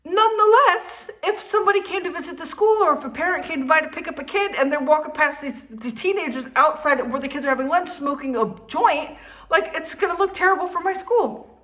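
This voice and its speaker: Woman in her 50s telling a story, high voice that swings all over, laughs a lot. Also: brisk. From New Jersey. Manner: animated, laughing, swears. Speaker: vlogger. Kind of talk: casual storytelling.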